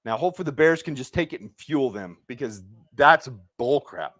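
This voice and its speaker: Speaking fairly quickly in an animated, medium-pitched voice, a man hosts a live watch party. His play-by-play reactions turn into agitated rants, and he yells at the referees when he gets angry.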